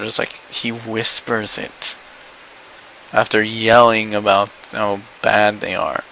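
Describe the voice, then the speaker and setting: A man's voice: lowish voice, level tone, slow pace, creaky, long pauses, pushed and bright, a little hiss or hum, low-quality recording. A young man ranting in an opinion vlog, exasperated, sarcastic and profane. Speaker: vlogger.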